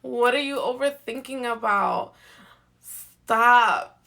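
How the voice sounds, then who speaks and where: Slow, bright-voiced woman card reader. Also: a little high. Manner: affectionate, repetitive coaxing with frequent laughs. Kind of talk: live zodiac card reading.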